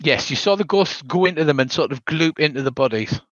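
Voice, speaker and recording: A man's voice: fairly high pitch, lively intonation, fairly quick, fairly bright tone, dry recording, dull audio. Older man narrating a tabletop game. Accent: British. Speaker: game master.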